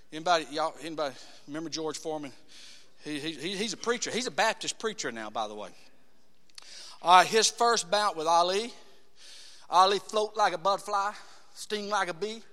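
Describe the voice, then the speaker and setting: Preacher guy in his 30s, dramatic, goes quiet then shouts, church with long echo. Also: high-pitched, moderate pace, pauses often. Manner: dramatic, acts out voices, swings from hushed to shouting. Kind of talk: sermon.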